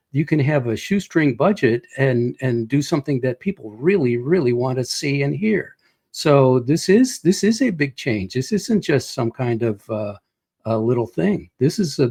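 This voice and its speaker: A man's voice: mid-range voice, creaky, warm tone, husky. A man on a podcast panel making emphatic points in casual chat.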